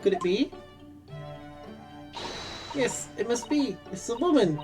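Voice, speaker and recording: A woman voicing a polite, proper young woman assistant who talks in a bright, gently scolding way. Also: on the high side, expressive, takes it slowly, music in the background, voice pushed up. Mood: chipper.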